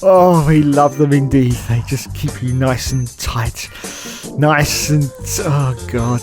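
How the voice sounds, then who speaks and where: A man giving jokey, laddish commentary over a racing game, breaking into leering, excitable outbursts. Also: mid-range voice, takes it slowly, music in the background. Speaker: gaming commentator. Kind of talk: jokey mock race commentary.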